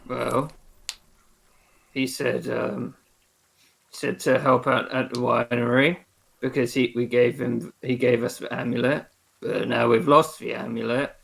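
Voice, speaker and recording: A man's voice: medium pitch, little pitch movement, a little slow, vocal fry, fairly bright tone, breathy edge, rough recording. A man playing a tabletop game in character, talking in a wry, blunt way. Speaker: player.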